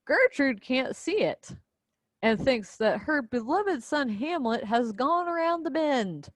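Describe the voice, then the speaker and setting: A woman's voice: high-pitched, sing-song, slow, dry recording. A young woman casually and playfully summarizing a play for a class video. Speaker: student presenter.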